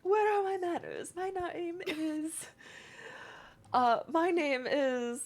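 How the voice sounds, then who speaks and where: Lady putting on a high squeaky fish-guy healer, all fuss and pomp, voice jumps around a lot, faint music behind. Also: very animated, slow pace, heavily acted. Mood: pompous. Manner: high-pitched, flustered, pompous. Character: fussy, busy male fish-folk healer.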